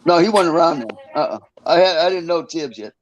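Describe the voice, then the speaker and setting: A man's voice: fairly high pitch, expressive, a little fast, dull audio. An older man in a casual interview, telling rambling, profane stories about his past and chuckling between them. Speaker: interview guest, former prisoner.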